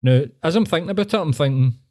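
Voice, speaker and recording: A man's voice: a little high, animated, fast, a little mellow. A Glaswegian man chatting casually on a podcast, dry and sweary, laughing often. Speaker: podcast co-host. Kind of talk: casual chat.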